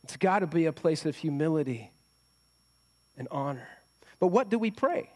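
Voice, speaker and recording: A man's voice: fairly high pitch, lively intonation, normal speed, a little mellow. A man preaching a conversational sermon as a pastor, often asking the congregation rhetorical questions.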